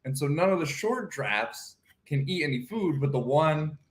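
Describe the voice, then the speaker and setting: A man's voice: fairly high pitch, lively intonation, moderate pace. A man co-hosting a casual morning chat, telling rambling, goofy stories. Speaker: co-host.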